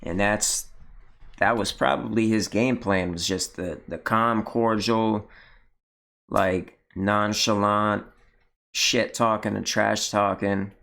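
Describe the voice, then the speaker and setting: A man with a low, gravelly voice gives laid-back commentary on a clip he just watched. He sounds blunt and easygoing, and he doesn't mind swearing. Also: takes it slowly. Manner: relaxed, blunt, swears freely. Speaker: reaction video host. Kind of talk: casual commentary.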